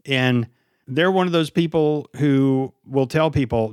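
A man's voice: medium pitch, a little slow, clean tone, no room sound. Profane ranting man, dry sound. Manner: profane, ranting, mock-indignant. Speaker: podcast co-host. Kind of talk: casual chat.

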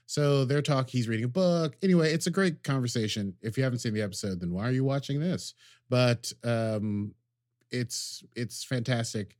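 A man's voice: mid-range voice, normal speed, darkish tone, no echo, studio quality. A man casually recapping a TV episode as a podcast co-host, rambling and joking as he acts out the characters' lines.

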